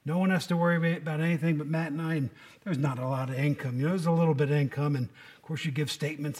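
Man, pastor, sermon, high voice, conversational, rhetorical questions, joking asides. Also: steady tone, quick pace, a little mellow.

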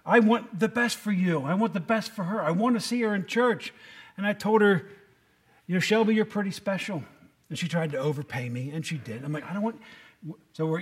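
A man in his fifties, a preacher, giving a sermon in a relaxed storytelling way with folksy asides to the congregation. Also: high voice. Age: 50s.

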